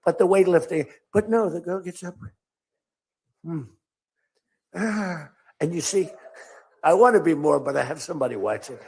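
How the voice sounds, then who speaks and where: Gravelly older man, rambling speech. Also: a little high, moderate pace, pauses often, darkish tone. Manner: storytelling, acts out quotes in different voices. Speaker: political speaker.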